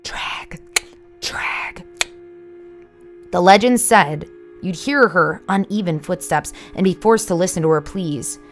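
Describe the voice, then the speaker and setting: Brief: woman, low-pitched, hushed and tense horror narrator, soft music bed. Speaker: storyteller. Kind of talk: first-person scary story narration.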